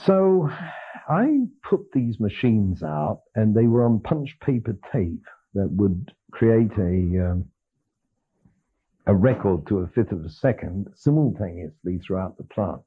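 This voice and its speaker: On lo-fi, phone-like archival tape, an older man lectures and tells stories animatedly, acting out dialogue and laughing often. His lowish, husky voice has lively intonation and a measured pace.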